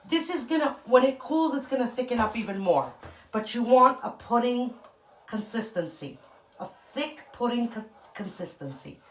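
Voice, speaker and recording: A woman's voice: fairly high pitch, roomy sound. A woman hosting a home cooking show, chatting casually and explaining each step as she stirs a pot in her kitchen.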